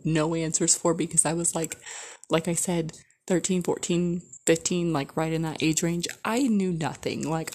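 A woman's voice: on the low side, a little mellow. A woman vlogger telling a casual storytime, chatty and rambling with lots of filler words.

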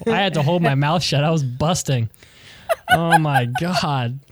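A man's voice: on the high side, unhurried, no echo. A man co-hosting a casual podcast, joking around and restarting sentences. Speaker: podcast co-host.

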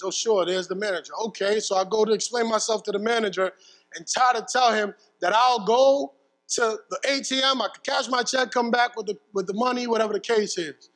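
Guy preaching, high voice, lively storytelling w some slang thrown in. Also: long reverb tail, poor audio. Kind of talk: sermon with a personal story. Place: church pulpit.

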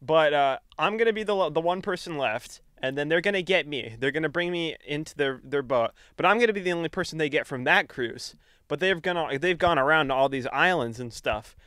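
A man's voice: a little fast, clear, resonant tone, no room sound, clean studio sound. A young man co-hosting a podcast, rambling through a long story in casual chat. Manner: rambling storyteller, lively swings in pitch. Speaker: podcast co-host.

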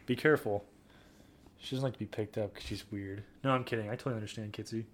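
A man's voice: on the low side, steady tone, fast talker. A young man hosting a casual podcast chat, joking and laughing often. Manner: joking, laughs often, playful sing-song riffs. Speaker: podcast host.

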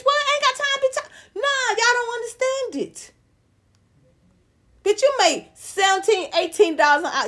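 Loud, animated woman dishing celebrity gossip. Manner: loud, blunt and profane, laughing, animated pitch swings. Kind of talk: casual live-stream gossip chat.

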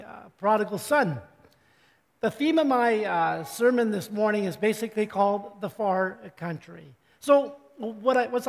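An older male pastor preaching in a relaxed, joking way, his fairly high voice a little hoarse. He clears his throat often between his points. The sound carries a long reverb, as in a church hall. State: slightly hoarse. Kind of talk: sermon.

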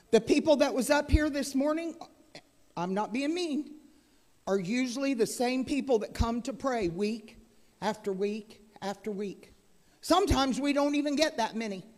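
A woman preaching a sermon as guest speaker into a handheld microphone, moving between chatty asides and fervent, loud preaching. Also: high-pitched. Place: church sanctuary. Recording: long hall reverb in a church.

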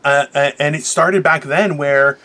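Man, podcast co-host, video call, swears a lot, opinionated rants, high pitch, bright tone. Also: measured pace. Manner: profane, opinionated, animated rants. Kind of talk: casual podcast chat. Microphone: remote video call.

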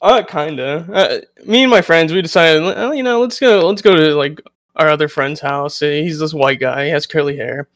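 A man's voice: a little high, moderate pace, fairly bright tone, no room sound. A man telling a rambling story in casual podcast chat, full of restarts.

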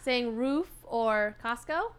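A woman's voice: a little high, expressive, slow pace, clear, resonant tone. A woman co-hosting a podcast, reacting with short asides and steering the chat. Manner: brief reactions, bright and teasing. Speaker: podcast co-host. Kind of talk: casual chat.

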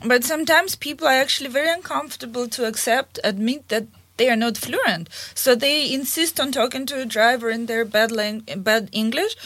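A woman with a Russian accent and Russian as her first language, telling lively anecdotes as a guest. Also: a little high, dry recording. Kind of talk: storytelling in casual chat.

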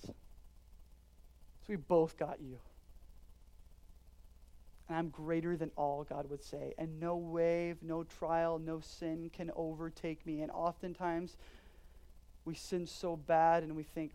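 A man in his thirties, a pastor preaching a sermon, swinging between loud emphatic declarations and quiet earnest asides. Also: fairly high pitch, little pitch movement, takes it slowly, long pauses.

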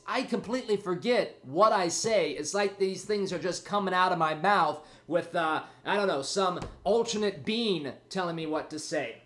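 He hosts a podcast by himself, his voice pitched high with a slightly bright edge. Winded, he rambles casually and keeps joking about himself.

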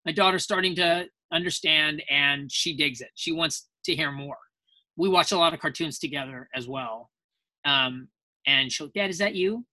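Brief: male voice actor guest on a panel, bright, forward tone, dry close mic, chatty animated storyteller. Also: a little high, moderate pace, dry recording. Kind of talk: casual panel interview.

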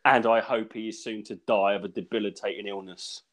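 A man's voice: on the low side, a little fast. A man, a comedian co-hosting a podcast, telling gig stories in casual chat and acting out the people he quotes. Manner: animated storyteller, acts out quotes.

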